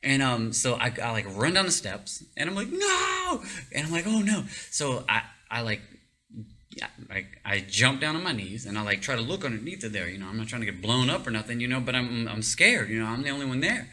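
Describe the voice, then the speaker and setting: An excitable man spins a personal story in a loose, rambling way, full of fillers and restarts. His voice is very bright and sharp-edged, and he often breaks into laughter. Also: medium pitch, brisk. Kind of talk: casual storytelling.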